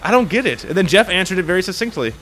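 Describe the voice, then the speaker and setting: A man's voice: high-pitched, big pitch swings, very fast, sharp tone. A young man co-hosting a podcast in casual chat, rambling and swearing constantly. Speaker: podcast co-host.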